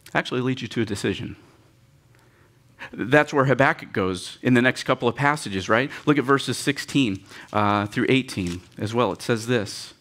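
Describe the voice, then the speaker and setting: A male pastor preaching a sermon, animated and dramatic, with sudden rises in pitch and audible sighs, leading his congregation in reading scripture aloud. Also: normal speed.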